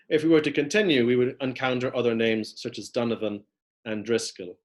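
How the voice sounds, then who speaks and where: Low-voiced man giving a lecture. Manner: measured, reads from notes with map references. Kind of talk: prepared lecture narration.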